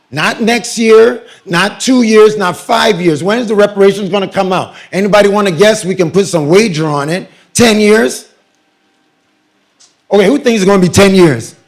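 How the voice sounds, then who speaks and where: Animated joking man addressing a meeting. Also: high voice. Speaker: community organization presenter. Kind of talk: public meeting presentation. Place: meeting room with audience.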